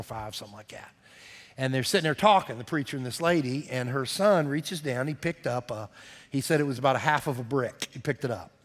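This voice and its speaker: A middle-aged man, a pastor preaching a sermon in a folksy, animated storytelling manner. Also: medium pitch.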